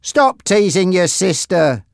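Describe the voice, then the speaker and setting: A narrator voicing a brisk, practical father in a storybook reading. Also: mid-range voice, very animated, vocal fry, no echo, clean studio sound, pitched above the performer's own voice, heavily acted.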